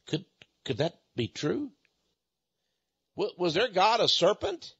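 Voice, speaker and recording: A man preaching in an impassioned monologue, emphatic and prone to halting repetitions. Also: high voice, big pitch swings, fairly bright tone, slightly rough, lo-fi sound. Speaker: radio preacher.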